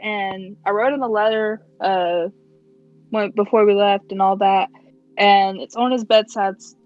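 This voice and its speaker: A woman's voice: medium pitch, dry recording. Chatty woman on dull voice chat. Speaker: player. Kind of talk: casual play over voice chat.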